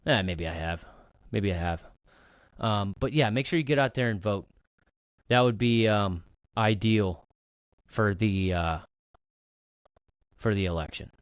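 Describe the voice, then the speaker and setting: A man's voice: medium pitch, no echo. Dry-sounding rambling podcast guy. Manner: rambling, self-mocking filler talk. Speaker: podcast co-host. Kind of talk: casual podcast chat.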